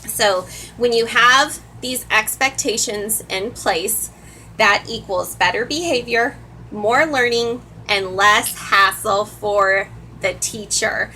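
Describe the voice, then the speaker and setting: A woman's voice: a little high, slow, bright, forceful tone, slight background noise, low-quality recording. A woman teacher giving earnest classroom advice to other teachers, repeating key points for emphasis. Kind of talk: instructional talk to camera.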